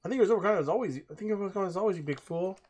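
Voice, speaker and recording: A man voicing a feisty, sharp-tongued young woman in a game let's play. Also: high-pitched, racing, pitched above the performer's own voice.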